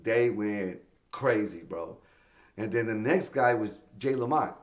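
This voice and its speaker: This middle-aged stand-up comedian speaks unhurriedly in a fairly low voice. As a podcast interview guest, he spins laid-back stories, performs quoted voices, and curses without holding back.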